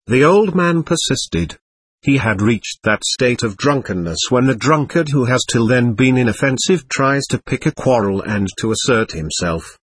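Husky man reading a novel aloud. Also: mid-range voice, expressive, moderate pace, no room sound. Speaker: audiobook narrator.

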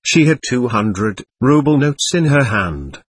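A man narrating a classic novel as an audiobook, in a measured, expressive reading. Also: mid-range voice, husky, dry recording.

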